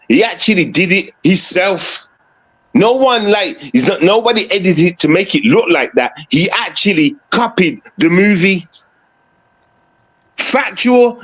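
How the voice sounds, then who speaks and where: A man with a Jamaican accent on a casual live stream, ranting in thick slang. His voice rides a little high and jumps from booming low growls up to sharp high yelps. He talks loudly and lets himself get carried along. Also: low-quality recording. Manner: loud, swings high and low in pitch, heavy slang. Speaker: stream co-host.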